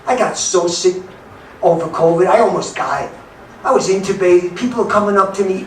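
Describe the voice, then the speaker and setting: Gruff older New man doing stand-up. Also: high voice, moderate pace. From New York. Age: 70s. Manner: gruff, blunt punchlines with sudden loud outbursts. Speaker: stand-up comic. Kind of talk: stand-up set. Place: comedy club in Denver. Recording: echoey club from far off, background noise.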